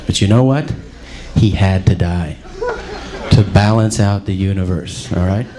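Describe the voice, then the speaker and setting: A man doing a loud, profane stand-up routine with mock outrage. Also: low voice, unhurried, a crowd in the background. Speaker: stand-up comedian.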